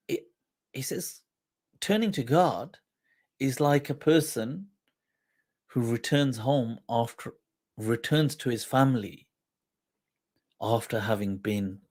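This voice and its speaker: A man hosting a livestream who tells an old story with quoted dialogue, reciting Arabic quickly before translating it, mixing in Urdu phrases and laughing along the way. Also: medium pitch, a little mellow, slightly rough. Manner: mixes Urdu phrases into English. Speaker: livestream host and mufti.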